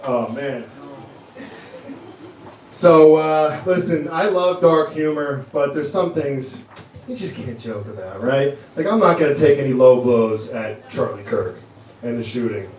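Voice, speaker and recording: A man emceeing a comedy show, telling edgy dark jokes with a chuckle. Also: mid-range voice, expressive, a little slow, muffled recording. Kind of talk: stand-up set and introductions. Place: comedy club stage. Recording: roomy club sound, mic at a distance.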